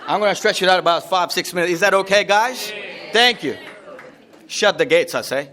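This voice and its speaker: A man's voice: high-pitched, normal speed, pushed and bright. A man giving a rambling, jokey talk to a live seminar audience, repeating himself often. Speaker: seminar speaker. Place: seminar room.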